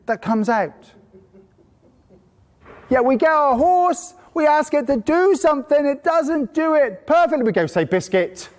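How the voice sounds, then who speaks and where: A man teaching a horse-training course to a live group indoors, telling lively stories and bursting into playful praise voices. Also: extremely high pitch. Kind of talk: live workshop talk to a group. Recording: long hall reverb.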